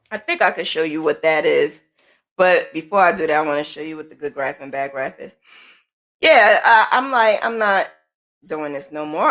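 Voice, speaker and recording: A woman's voice: low-pitched, fairly bright tone. A woman crochet vlogger chatting casually and candidly, swearing now and then and acting out the people she quotes. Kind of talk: casual chat.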